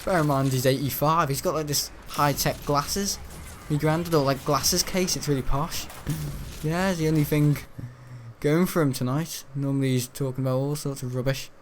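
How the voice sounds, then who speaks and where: A man's voice: a little high, normal speed, a little hiss or hum. A seventeen-year-old boy, rambling and grumbling through casual gameplay commentary. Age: teens. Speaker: gaming channel host.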